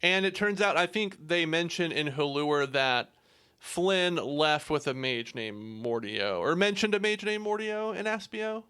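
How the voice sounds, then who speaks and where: A man's voice: a little high, lively intonation, measured pace, pushed and bright, clean tone. A man co-hosting a casual podcast, talking through a game with chatty fillers. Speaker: podcast co-host.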